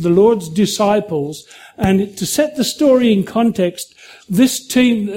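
A man's voice: high voice, mellow. A man preaching a sermon, telling a story in an earnest way with small restarts.

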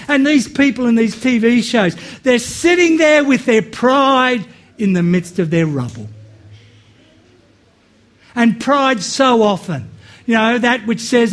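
A man preaching a sermon, slow and emphatic, breaking into quick, animated asides. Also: extremely high pitch.

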